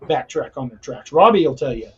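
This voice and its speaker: A man's voice: mid-range voice, animated, fairly quick, husky, muffled recording. A man hosting a casual paranormal podcast, talking earnestly and restarting his sentences often. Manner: rambling, frequent restarts, earnest. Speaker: podcast host.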